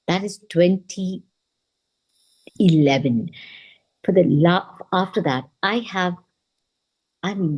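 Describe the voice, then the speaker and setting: A middle-aged woman from India, a guest on a video-call interview, telling her story in a casual, animated way and acting out what people said. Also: low-pitched, poor audio. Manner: animated, re-enacts quoted dialogue with "I'm like".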